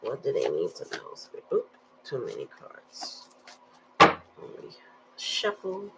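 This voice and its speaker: A woman's voice: very deep voice, wildly swooping pitch, takes it slowly, heavy background noise. A woman giving a casual tarot reading, chatty and slangy, telling stories with sighs in between. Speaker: tarot reader.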